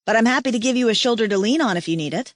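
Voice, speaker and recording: A woman putting on a bubbly young huntress with a lively, slangy delivery that jumps up high when she gets excited. She sounds close and dry, as in an audiobook read. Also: racing, no room sound, lightly acted. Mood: concerned.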